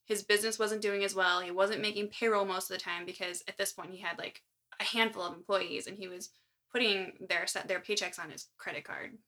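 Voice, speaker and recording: A woman's voice: mid-range voice, steady tone, brisk, bright, forceful tone. A woman co-hosting a podcast, recounting a story from her notes with wry asides. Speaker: podcast co-host. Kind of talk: casual chat, reading from notes.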